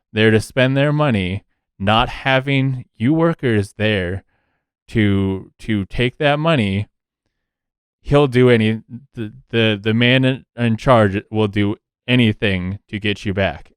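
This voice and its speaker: A man's voice: fairly low pitch, clear, resonant tone, dry recording, clean studio sound. A man playing a rousing union organizer. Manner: rousing, speaks in short rallying sentences. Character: earnest male union organizer rallying workers.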